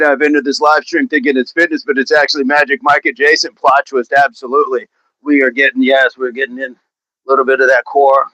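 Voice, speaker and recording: A man's voice: mid-range voice, bright, forceful tone, no room sound, poor audio. A man leading an outdoor workout livestream, joking with viewers and laughing often in casual chat. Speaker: fitness coach leading a live workout.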